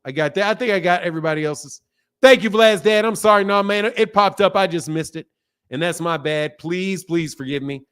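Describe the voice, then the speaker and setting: A man with a Philadelphia accent chats on a boxing livestream and reads out viewer super chats. His voice sits high for a man, and he often says the same phrase several times over in a playful, animated way. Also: a little fast, clear, resonant tone. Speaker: boxing channel host reading super chats. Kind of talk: casual livestream chat.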